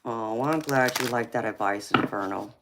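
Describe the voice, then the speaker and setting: A woman's voice: a bass voice, moderate pace, heavy background noise. Southern-drawling woman chatting on a live stream. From California, raised in Georgia. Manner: affectionate, calls viewers honey and babe. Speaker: tarot reader and livestream host. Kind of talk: casual live-stream chat with viewers.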